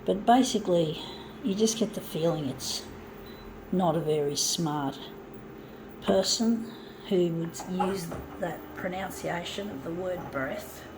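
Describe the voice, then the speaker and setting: Slow-talking blunt middle-aged woman. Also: on the low side. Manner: blunt, ranting, swears freely. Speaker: vlogger. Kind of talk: casual chat while photocopying. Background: mechanical noise from a photocopier.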